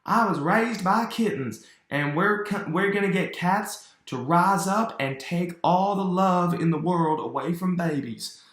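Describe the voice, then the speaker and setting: A man voicing an unhinged, skinny villain raised by cats, speaking in a high, drawn-out, creepy singsong. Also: a bit bright, echoey room.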